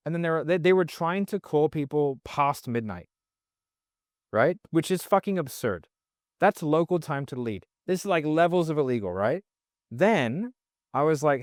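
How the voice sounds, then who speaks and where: A man's voice: on the high side, normal speed, dry recording, studio quality. A man, guesting on a podcast, ranting bluntly and swearing a lot in casual conversation. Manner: blunt, profane, animated ranting.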